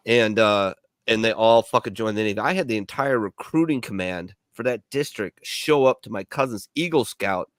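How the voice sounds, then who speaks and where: A man's voice: lowish voice, moderate pace, no room sound, studio quality. A man from Milwaukee, a veteran co-host of a radio show, rambling through profane stories in casual chat full of fillers.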